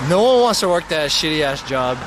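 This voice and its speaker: A man's voice: a little high, fairly quick. Profane young man ranting on the street. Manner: slangy, profane, animated retelling. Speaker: live streamer. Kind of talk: casual storytelling on a live stream. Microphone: mobile streaming mic. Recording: loud street and traffic noise.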